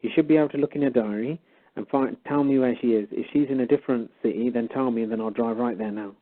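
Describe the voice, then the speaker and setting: A man's voice: medium pitch, quick pace. A man casually telling a story and quoting both sides of a conversation. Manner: animated retelling, quoting both sides of a dialogue. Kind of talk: casual storytelling on a call-in show. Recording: phone-line audio.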